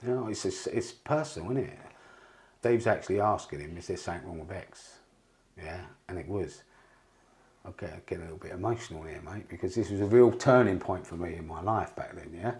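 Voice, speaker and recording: A man's voice: deep voice, fairly quick, a little mellow. A man, a podcast guest, telling rambling, candid stories with frequent swearing and restarts. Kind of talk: candid storytelling interview.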